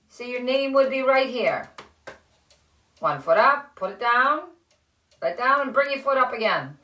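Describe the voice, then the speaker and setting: Slow, gentle woman host for kids. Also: a little high, echoey room. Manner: slow, gentle and encouraging, talking to young children. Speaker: children's story host. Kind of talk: reading aloud and leading kids' activities. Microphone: live-stream camera.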